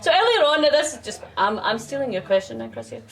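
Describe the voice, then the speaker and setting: A woman's voice: high-pitched, sing-song, fast talker, vocal fry, recorded from a distance, crowd noise. A woman with an English accent, hosting a casual, chatty interview and laughing at herself. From England. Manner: chatty, giggly, self-deprecating. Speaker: podcast host. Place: festival grounds.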